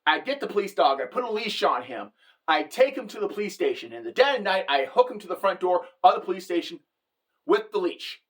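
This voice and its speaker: A woman's voice: fairly low pitch, very animated, a little fast. A middle-aged woman telling a comic story in a wry, rambling way, with crude language and many side remarks. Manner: wry, profane, rambling asides. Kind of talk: comedic storytelling monologue.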